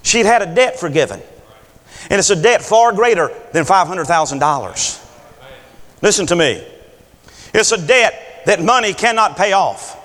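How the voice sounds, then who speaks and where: A man preaching a sermon with lively delivery, acting out the voices of biblical figures. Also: high voice, moderate pace, long pauses, long reverb tail.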